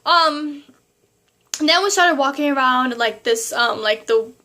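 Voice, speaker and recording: A young woman, telling a story to camera in a casual, animated way full of fillers and asides. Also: high-pitched, slow. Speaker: vlogger.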